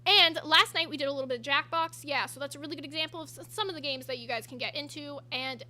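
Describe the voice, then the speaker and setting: Fast-talking high-voiced young woman. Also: sharp tone. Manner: rapid-fire speed talking. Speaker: stream co-host. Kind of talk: casual livestream chat.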